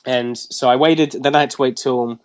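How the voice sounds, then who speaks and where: A man's voice: mid-range voice, moderate pace, dry recording. Young man telling a rambling story. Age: 20s. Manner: rambling, animated retelling with filler words. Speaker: guest, comic artist. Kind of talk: casual storytelling interview. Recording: dull lo-fi dry recording.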